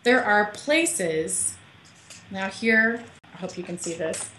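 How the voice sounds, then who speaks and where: A woman's voice: mid-range voice, animated, takes it slowly, pushed and bright, echoey room, slight background noise. A woman author being interviewed over a call from her home office, chatty and emotional, laughing often. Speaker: author guest. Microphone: call audio.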